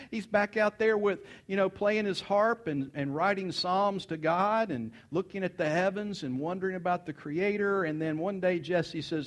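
Guy preaching a story sermon, kinda high voice, acts out all the characters, chatty asides. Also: moderate pace. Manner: folksy asides.

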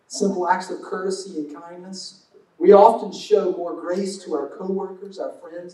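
A high-voiced man preaches in a loose, joking way, slipping into quick acted-out asides. His voice rings around a roomy church space and sits a little back from the mic. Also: mellow, far from the mic. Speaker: pastor. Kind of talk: sermon.

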